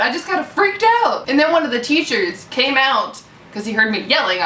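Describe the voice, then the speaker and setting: A young woman telling a story casually, animated and swearing freely as she acts out what people said. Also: fairly high pitch, a little slow, slight background noise. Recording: echoey room, from a distance.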